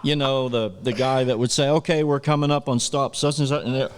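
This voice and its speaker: A man's voice: medium pitch, fairly even intonation, smooth. A man who is a guest and former producer, telling road stories in a casual chat with many affirming yeahs. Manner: drawn-out storytelling with frequent affirmations.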